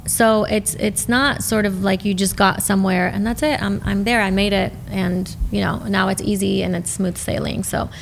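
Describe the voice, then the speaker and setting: A woman's voice: medium pitch, steady tone, moderate pace, vocal fry, few pauses, slight background noise. A woman hosting a podcast interview, talking sympathetically and reflectively. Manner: sympathetic, reflective, frequent backchannels. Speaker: podcast host.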